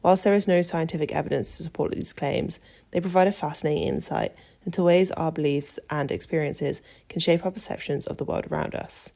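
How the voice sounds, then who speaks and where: A woman hosting a podcast, reading a script calmly and adding her own asides. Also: sits low, a little fast, creaky. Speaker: podcast host.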